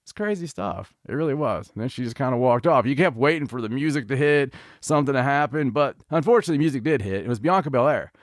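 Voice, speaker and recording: A man hosting a podcast, reviewing wrestling in casual chat with an animated, joking, ranting manner. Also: medium pitch, quick pace, hardly any pauses, dry recording, clean studio sound. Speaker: podcast host.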